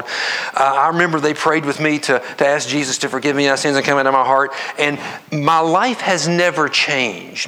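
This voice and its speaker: In a church sanctuary, a pastor preaches to his congregation with an earnest, conversational delivery full of repetitions and quick asides. His mid-range voice sounds pushed and bright.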